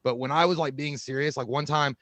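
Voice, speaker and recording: Man, casual chat, profane, animated storyteller, slightly high voice, dry sound. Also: fairly quick, no room sound. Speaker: podcast co-host.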